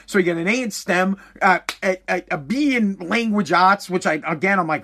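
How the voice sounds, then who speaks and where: A man's voice: high-pitched, a little fast, few pauses, bright, forceful tone. A man in his thirties telling a casual story about his son, blunt and swearing freely. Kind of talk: casual monologue.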